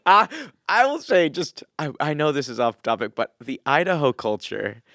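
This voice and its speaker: A man's voice: on the high side, normal speed, no echo, clean studio sound. A man improvising as a gushing executive in a comedy podcast chat. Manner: enthusiastic, gushing, deadpan praise.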